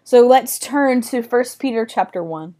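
A young woman teaches a casual Bible study in a chatty, conversational way. Her voice sits a bit on the high side. She acts out quotes with excited squeals. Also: measured pace.

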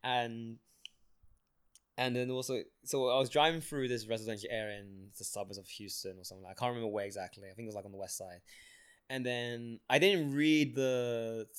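A man's voice: mid-range voice, a little fast, smooth. A young man chatting on a podcast in a loose, rambling way. He keeps circling back with fillers and restarts and breaks into laughs often. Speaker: podcast guest. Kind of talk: casual podcast chat, storytelling.

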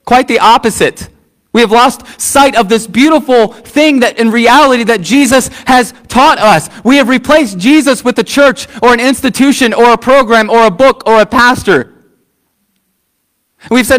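Guy with a pretty high voice preaching, lots of repeating lines and questions to the crowd. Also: normal speed, a bit bright. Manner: emphatic preaching with repeated phrases and questions to the congregation. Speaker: pastor. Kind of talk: sermon.

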